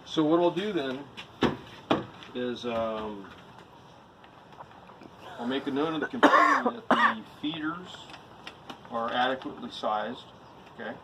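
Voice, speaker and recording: A man's voice: mid-range voice, very animated, a little slow, long pauses. A man working as an electrical inspector, talking through a job on site in a casual, methodical way. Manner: methodical, explains step by step. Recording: noisy on-site recording.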